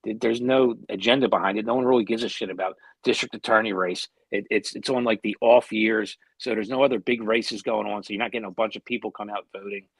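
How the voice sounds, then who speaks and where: A man's voice: lowish voice, steady tone, quick pace, vocal fry, few pauses, husky, no room sound. A man co-hosting a podcast, talking bluntly and heatedly with heavy swearing. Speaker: podcast co-host. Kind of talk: casual podcast chat.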